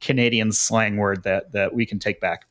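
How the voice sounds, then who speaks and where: A man hosting a podcast, joking with his guest in a relaxed way and reading show promos. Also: on the low side, normal speed. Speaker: podcast host. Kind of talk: casual podcast chat.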